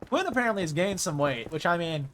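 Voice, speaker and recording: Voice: mid-range voice, expressive, fast talker, a bit bright, a little hiss or hum. A streamer chatting casually over live gameplay, rambling with lots of fillers and casual swearing.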